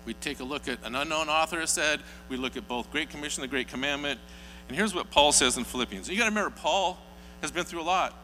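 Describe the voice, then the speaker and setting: A man's voice: fairly high pitch, fast, bright, forceful tone. A man preaching a sermon, telling stories earnestly and building to emphatic peaks. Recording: hall reverb with faint mains hum.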